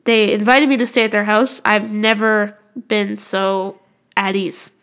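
A woman's voice: medium pitch, little pitch movement, a little slow, a bit bright, smooth. A woman co-hosting a podcast in casual chat, rambling and joking, with frequent swearing. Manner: rambling, swears freely, jokey. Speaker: podcast co-host.

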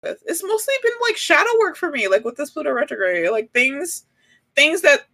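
A woman in a relaxed conversation who sounds thoughtful and open. She rambles from one idea to the next and fills her speech with "like" and "you know.". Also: sits high, normal speed. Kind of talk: casual chat.

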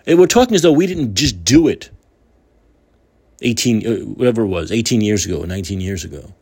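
A man's voice: fairly low pitch, expressive, a little fast, a little mellow, husky. A man hosting his own talk show, delivering heated, indignant political commentary with repeated phrases. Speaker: podcast host.

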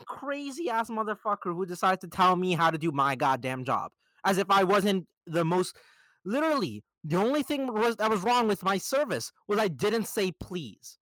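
A man's voice: sits high, normal speed, no room sound. Young man telling profane stories. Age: young adult. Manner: profane, animated storytelling. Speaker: podcast host. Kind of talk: casual chat.

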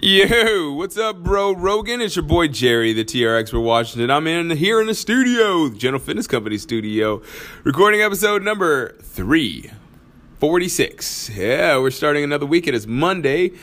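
A man's voice: fairly high pitch, big pitch swings, moderate pace, a bit bright. Laid-back man hosting a podcast. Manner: laid-back, laughs often, slangy. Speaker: podcast host. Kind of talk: casual podcast monologue. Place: studio.

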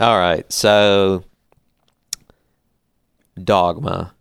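A man in his forties co-hosting a church podcast, a jokey, animated storyteller who laughs often. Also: low voice, very slow, creaky, clean tone, no room sound, studio quality. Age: 40s. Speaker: podcast co-host. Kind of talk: casual church podcast chat.

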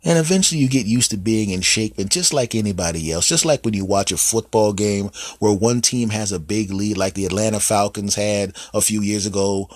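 A man hosting a podcast, telling a comic monologue in an animated, playful, teasing way. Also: fairly low pitch, fairly quick, few pauses, dry recording, studio quality. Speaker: podcast host. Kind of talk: comedic monologue.

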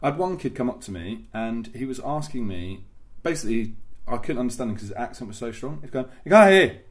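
A man in his thirties from England, chatting casually and swearing as he tells animated stories with put-on voices. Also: mid-range voice, fast. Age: 30s. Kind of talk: casual chat.

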